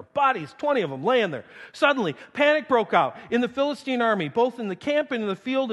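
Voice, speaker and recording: A man delivers a sermon in a church with a high voice that swoops up and down. He is playful and animated and acts out the scripture he reads. The voice rings with the long reverb of a large hall. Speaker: pastor. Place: church sanctuary.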